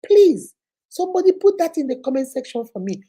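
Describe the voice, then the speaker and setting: A woman's voice: high voice, fairly quick. Emphatic middle-aged Nigerian woman host. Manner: emphatic, animated, mixes in Pidgin. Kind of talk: casual talk-show monologue.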